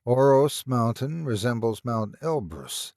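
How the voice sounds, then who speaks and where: A man's voice: mid-range voice, big pitch swings, unhurried, a little mellow, no echo. A man reading as a young German woman, urgent and afraid, her speech rising and falling with feeling. The recording is dry and close, with no room sound. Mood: insistent. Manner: agitated, urgent.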